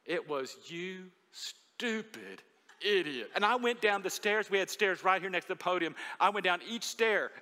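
Male pastor, fairly high and bright, animated storytelling sermon, big reverberant church hall. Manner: animated storytelling, swinging between loud and hushed. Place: church sanctuary. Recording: long reverb of a large hall.

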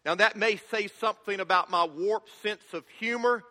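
A man's voice: high-pitched, moderate pace, bright, forceful tone, in a large hall. A male pastor preaching a sermon with enthusiastic, folksy humor.

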